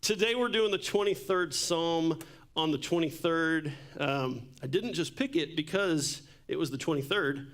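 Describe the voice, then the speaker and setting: A pastor with a fairly high, slightly bright voice preaches a little slowly, using a handheld or stage mic in a church sanctuary. His sermon is casual and full of jokes and stories.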